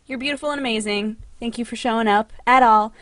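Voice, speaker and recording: A young woman hosting a casual livestream from home. She talks in a chatty, excitable way and coos to her cat. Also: on the high side, fast talker, no echo, studio quality. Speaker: livestream host.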